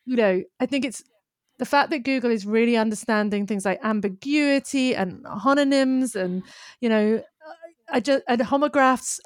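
A woman copywriter speaking as a podcast guest, with a fairly high voice. She is opinionated and emphatic, pressing her points with energy. The recording is close and dry. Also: dry recording. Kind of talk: casual conversation.

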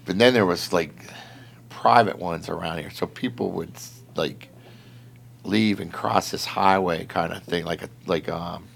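Gravelly-voiced man rambling through a story. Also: low-pitched, measured pace. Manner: rambling, heavy use of filler words; animated, laughing while telling. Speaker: storyteller recounting patrol work. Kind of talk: casual storytelling chat.

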